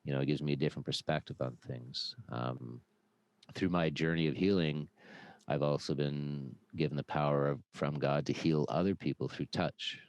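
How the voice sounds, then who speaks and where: A man's voice: very deep voice, moderate pace, no echo, poor audio. A man speaking earnestly as a podcast guest, telling stories with lots of restarts and fillers. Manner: earnest, animated storytelling with many restarts. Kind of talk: casual podcast conversation.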